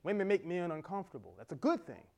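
A middle-aged pastor with a slightly high voice preaches a sermon at a quick pace. Full of animated energy, he laughs along and acts out quoted exchanges.

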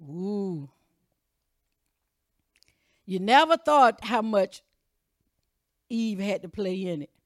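A woman preacher, reading scripture and preaching with passion, rising to loud calls and dropping to low asides. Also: expressive, a little slow, pauses often, no room sound, clean studio sound. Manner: reads scripture aloud and comments between verses. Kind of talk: sermon.

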